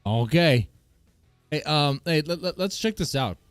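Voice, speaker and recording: A man's voice: on the high side, animated, unhurried, no room sound. Bemused male streamer chatting with viewers. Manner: bemused, talks to chat, stammers when surprised. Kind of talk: live-stream reaction chat. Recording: dry close mic with faint guitar music.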